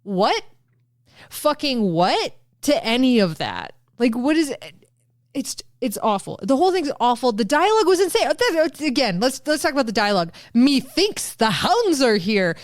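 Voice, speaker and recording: An exasperated woman co-host vents with plenty of swearing in a casual podcast chat. Her voice sits fairly high. The sound is dry and close, with no room around it. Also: sing-song, normal speed, no room sound. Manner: exasperated, profane ranting.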